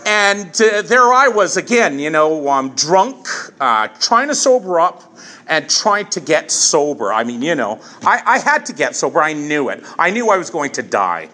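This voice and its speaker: A man in his fifties telling his own recovery story from the front of a meeting room, candid and halting, often restarting and repeating phrases. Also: fairly high pitch, sing-song, sharp tone. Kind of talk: personal testimony at a recovery meeting.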